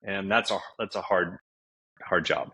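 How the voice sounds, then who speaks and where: A man, a podcast guest and author, telling stories in a casual interview and acting out quoted dialogue with lively jumps. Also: measured pace, slightly rough. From United States. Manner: animated storyteller, acts out quoted dialogue with big pitch jumps.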